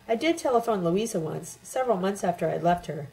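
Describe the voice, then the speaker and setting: A woman reading a novel aloud in the first person, steady and even. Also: mid-range voice, fast talker, hardly any pauses, poor audio. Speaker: audiobook reader.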